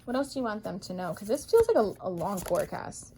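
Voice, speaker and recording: A woman reading tarot cards for viewers in a chatty, playful way, excitable and full of pet names. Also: mid-range voice, quick pace, a little hiss or hum. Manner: playful, chatty, calls listeners baby girl and boo; excitable, gasps and exclaims over cards. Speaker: psychic medium tarot reader.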